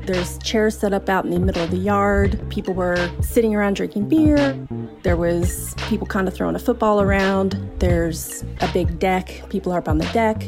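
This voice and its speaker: A woman telling a true spooky story in the first person, in a relaxed, conversational way with casual fillers. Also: mid-range voice, moderate pace, music in the background.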